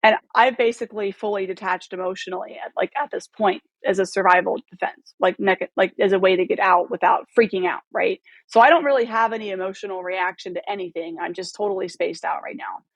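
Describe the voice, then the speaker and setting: A woman in her thirties, a podcast guest telling a long story in a casual, animated way, swearing freely and acting out the dialogue. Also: medium pitch, a little fast, creaky, few pauses, dry recording. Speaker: podcast guest, photographer and former model.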